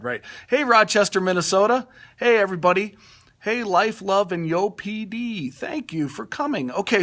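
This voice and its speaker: A cheerful man chatting live to his viewers from inside his photography studio, calling out names and laughing along. His voice sits on the higher side and swings up and down a great deal. It sounds like it is picked up on a phone camera. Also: fairly bright tone. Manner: upbeat, greets viewers by name, laughs often. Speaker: livestream host. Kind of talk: casual live stream chat.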